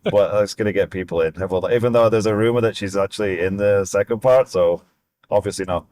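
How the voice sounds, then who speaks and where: A man with a lowish voice co-hosts a casual film chat and keeps things moving at a brisk clip. The sound is dry and close, with no room echo, and he steers each topic along to the next. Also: a little mellow. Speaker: podcast co-host.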